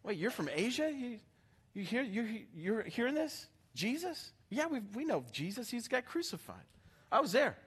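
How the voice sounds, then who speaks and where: A man's voice: very high-pitched, lively intonation, normal speed, pitched above the performer's own voice, heavily acted. A preacher acting as a stunned male pilgrim. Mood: incredulous. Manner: incredulous, tumbling out questions, soft and raised. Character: bewildered male pilgrim at Pentecost.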